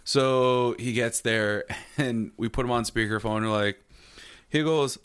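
A man's voice: mid-range voice, measured pace, fairly bright tone, smooth, no echo, clean studio sound. A man co-hosting a podcast, teasing his friends and telling anecdotes in crude casual banter. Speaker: podcast co-host.

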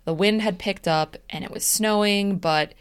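A woman co-hosting a podcast, narrating a story in a relaxed, casual way and laughing easily. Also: medium pitch, normal speed, clear, resonant tone. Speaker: podcast co-host telling the story.

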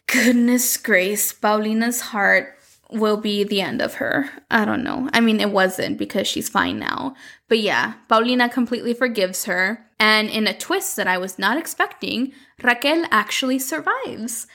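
Woman retelling a soap plot, chatty and quick with the quotes, kinda high voice. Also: animated, fairly bright tone. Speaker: telenovela recapper. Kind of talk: casual recap storytelling.

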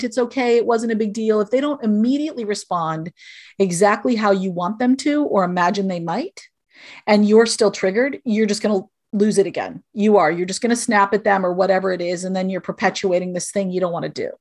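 A middle-aged woman, a guest on a podcast, gives parenting advice in an earnest, direct, explanatory way. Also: mid-range voice.

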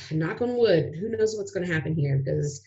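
A woman's voice: deep voice, lively intonation, normal speed, dark tone, highs cut off. A woman chatting as a podcast guest, giggly and rambling, often trailing off. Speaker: podcast guest, drag performer. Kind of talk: casual chat.

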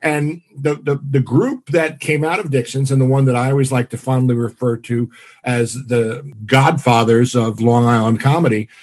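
A male comedian looks back on the old days in an easygoing way. His voice sits mid-range and has a husky edge. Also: medium pitch, fairly even intonation, normal speed, a little mellow. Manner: nostalgic, easy reminiscing. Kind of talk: casual reminiscing chat.

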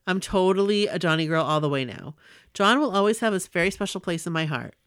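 A woman's voice: lowish voice, animated, quick pace, smooth, no echo, clean studio sound. A woman in her forties reading a personal story aloud in an earnest, emotional way. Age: 40s.

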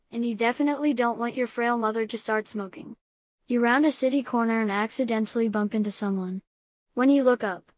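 A woman reading scripted comedy narration, giving absurd advice in a calm, matter-of-fact way. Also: a little high, dry recording.

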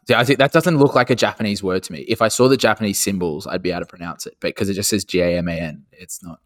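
Young male co-host, deep voice, loose and profane, laughs a lot. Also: fast, few pauses. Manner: swears freely, animated and laughing. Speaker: podcast co-host. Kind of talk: casual chat.

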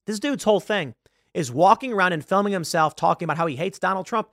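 Animated, argumentative male commentator. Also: sits high, fast, no echo, studio quality. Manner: emphatic, argumentative, self-correcting. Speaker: host. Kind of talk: political commentary monologue.

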